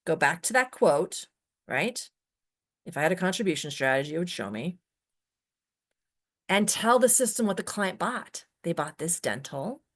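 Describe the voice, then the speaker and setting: A woman training users in a software webinar, emphatic and often checking in with "right?". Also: fairly low pitch, very animated, moderate pace, long pauses.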